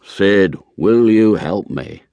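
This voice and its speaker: A pompous older gentleman who blusters and bristles at every doubt, as a male narrator puts him on. His voice swoops up high in indignation, read close and dry in a studio for an audiobook. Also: expressive, slow pace, no echo, full character voice. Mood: pleading. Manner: blustering and irritable. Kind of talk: audiobook character voice.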